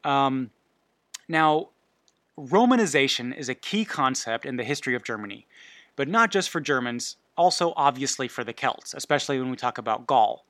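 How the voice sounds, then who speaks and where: A man's voice: medium pitch, lively intonation, normal speed, fairly bright tone, no room sound. Man hosting a dry history podcast. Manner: informal, self-correcting, reads notes with asides. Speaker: podcast host.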